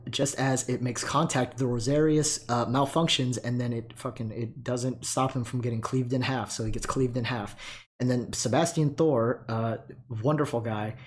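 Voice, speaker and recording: Young man, mid-pitch, tells lore in a loose rambling way, swears a lot, breathless, voice still recovering. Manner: rambling, profane, lots of fillers. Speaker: lore explainer. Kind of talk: casual lore rundown.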